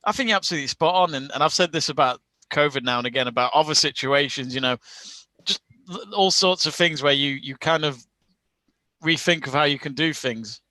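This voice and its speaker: Bright, slightly high man; rambling, laughing watch-along co-host. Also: fairly quick, dry recording. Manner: chatty, laughs often, rambling restarts. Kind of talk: casual chat over a live match.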